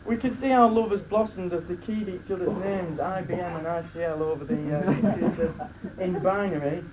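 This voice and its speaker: A man's voice: high-pitched, a little fast, poor audio. A man giving a joking wedding speech as best man, laughing between lines and restarting his sentences. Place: wedding reception room. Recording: loud crowd and noise, live reception.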